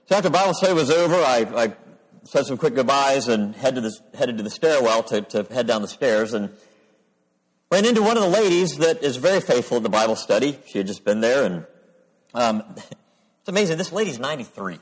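A man preaching a sermon, reading scripture solemnly and telling stories from his week. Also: medium pitch. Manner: measured, solemn reading, then animated storytelling. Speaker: pastor. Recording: long hall reverb.

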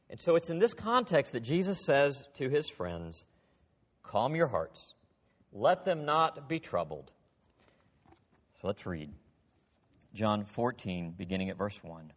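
A man preaching a sermon as pastor, reading scripture aloud and acting out the people in it, dropping to intense low lines. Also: sing-song, slow, long pauses, long reverb tail.

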